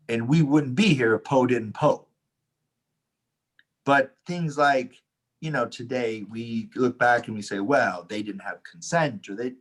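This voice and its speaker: A man co-hosting a casual talk, telling an anecdote with lively quoted dialogue, frequent laughs and swearing. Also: medium pitch, breathy edge. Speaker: Taoist teacher, podcast co-host. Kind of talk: casual storytelling chat.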